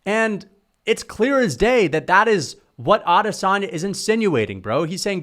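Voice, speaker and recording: A young man rants through an opinionated solo commentary, dropping bro and dude and swearing freely. His voice sits a little high for a man, and his delivery stays heated and blunt. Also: sing-song, measured pace, fairly bright tone. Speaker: MMA commentary youtuber.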